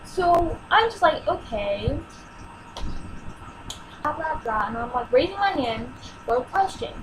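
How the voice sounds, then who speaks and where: A teenage girl whose voice sits high tells an animated story about her own life for a home vlog, moving at a moderate pace. There's background noise. Exasperated and emotional, she acts out what others said.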